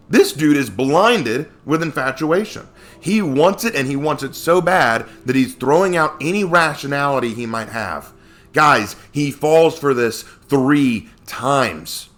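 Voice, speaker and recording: A man's voice: medium pitch, expressive, measured pace, fairly bright tone. A man giving a casual Bible lesson, talking conversationally and asking many rhetorical questions. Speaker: Bible teacher.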